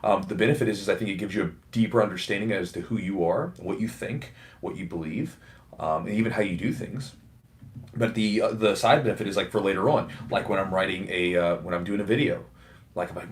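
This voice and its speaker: A man with a faint Southern US accent, hosting a casual podcast chat, talking fast with many fillers and restarts. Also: lowish voice. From American South. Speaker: podcast host and jiu-jitsu instructor.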